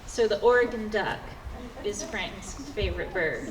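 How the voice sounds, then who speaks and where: A woman's voice: mid-range voice, measured pace, far from the mic, a crowd in the background. A woman emceeing a story slam, introducing storytellers in a playful, chatty way. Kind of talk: introducing performers at a live event. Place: stage in a large hall. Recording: echoey hall, mic some way off, audible room noise.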